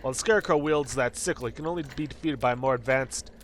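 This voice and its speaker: A man's voice: medium pitch, fast talker, slight background noise, natural voice. A man putting on a lofty, cosmic male entity that calls itself the end of time, grandiose and formal in every line. It speaks with solemn, theatrical gravity in a quirky game.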